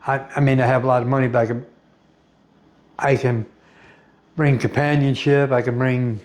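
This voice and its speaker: A middle-aged American man in a rambling personal monologue, blunt and profane, pausing often with fillers. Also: medium pitch, little pitch movement, a little mellow. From United States. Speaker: vlogger.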